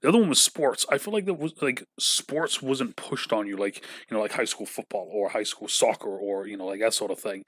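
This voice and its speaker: A man's voice: fairly low pitch, fairly quick, hardly any pauses, fairly bright tone. A man from England hosting a casual podcast, talking in a rambling way with lots of filler words and swearing. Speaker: podcast host.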